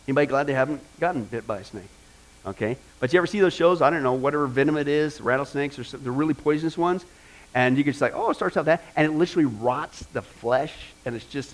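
High-voiced, animated male Bible teacher. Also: rough recording. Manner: animated and joking, with vivid asides. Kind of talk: informal classroom Bible teaching. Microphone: microphone.

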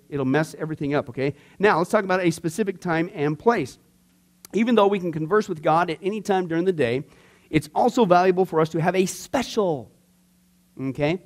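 A man, a pastor, teaching a discipleship class in a chatty, animated way, full of asides and fillers. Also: on the high side.

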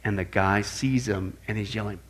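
A man preaching an apologetics lesson in an animated way, dropping low for stories and rising loud for quoted voices. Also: normal speed. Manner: animated, shifts between loud quoted outbursts and low hushed storytelling. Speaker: pastor teaching apologetics. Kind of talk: sermon-style teaching.

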